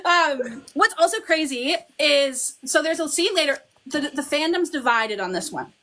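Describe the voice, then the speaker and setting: A young woman with a high, bright voice hosts a livestream. She talks in casual, quick run-on bursts like an excited fan, gushing as she retells events. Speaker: livestream host. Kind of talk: casual chat.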